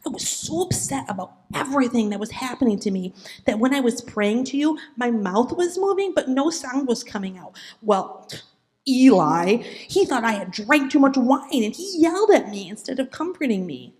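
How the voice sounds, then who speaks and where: A woman's voice: on the high side, very animated, normal speed, darkish tone. A woman voicing a grieving, childless woman who pours out her pain to God in a diary, read in an earnest, pleading way. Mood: anguished.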